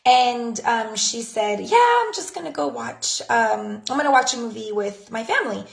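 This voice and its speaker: A woman in her thirties with an expressive voice and some vocal fry speaks at normal speed, giving casual social media advice for her jewelry business to camera. Chatty throughout, she switches to a high, bright voice to act out small conversations, and the room echoes.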